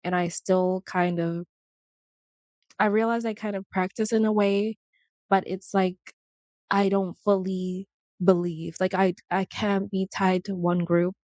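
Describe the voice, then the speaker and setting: A woman's voice: mid-range voice, flat delivery, measured pace, a little mellow, no echo. A young woman chatting casually to her channel, rambling and laughing as she goes. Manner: chatty, rambling, laughs often, quotes people in voices. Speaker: vlogger. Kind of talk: casual chat to camera.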